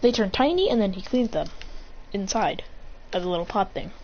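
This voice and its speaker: A woman's voice: medium pitch, lively intonation, a little fast, a little mellow, slight background noise. Rambling woman telling a made-up story. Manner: rambling, with restarts and sound effects. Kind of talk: improvised storytelling. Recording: dull lo-fi recording.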